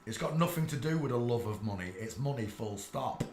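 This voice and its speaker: An English man ranting on a live stream, preachy and irate, swearing and bursting into shouts at his chat. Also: mid-range voice, expressive, brisk, reverberant, a little hiss or hum.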